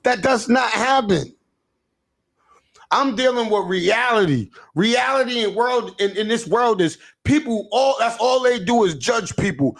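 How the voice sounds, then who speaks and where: A man's voice: extremely high pitch, lively intonation, measured pace, fairly bright tone. A man hosting a livestream, rambling in a casual rant, stammering and restarting as he answers chat comments. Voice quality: gravelly. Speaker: livestream host.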